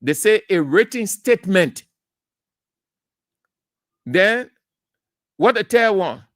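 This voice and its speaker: Radio host lecturing on air, emphatic and repetitive, dry close studio mic, mid pitch. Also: expressive, slow, dry recording. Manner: emphatic and lecturing, repeats key phrases, asks rhetorical questions. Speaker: radio talk show host. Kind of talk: opinionated radio commentary, explaining definitions.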